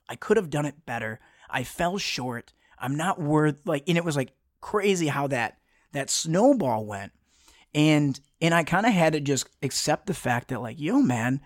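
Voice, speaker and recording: A man telling a personal story in a casual chat, rambling with many fillers, restarts and quick laughs. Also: on the high side, dry recording, studio quality. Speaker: guest.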